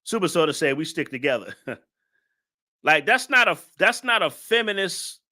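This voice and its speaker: A man hosting a casual live stream, answering his chat with teasing jabs and frequent laughter. His voice is bright and sharp, and his pitch swings widely as he talks. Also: animated, a little slow.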